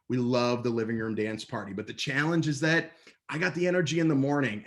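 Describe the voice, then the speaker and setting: A man speaking over a video call from home, upbeat and playful as he presents to an online audience. He tells stories and slips into quick voices when he quotes people, at a middling pitch. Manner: lively, playful storyteller with quick put-on voices for others. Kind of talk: energetic online talk. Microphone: computer mic on a video call.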